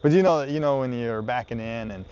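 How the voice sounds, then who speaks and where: Man, mid-pitched, rambling vlog chatter outdoors, noisy background. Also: fairly quick, a little mellow, muffled recording. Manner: rambling, easygoing, full of fillers and chuckles. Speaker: RV travel vlogger. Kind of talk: casual vlog narration. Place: outdoors at a campground, riding along a trail. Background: outdoor ambience and noise.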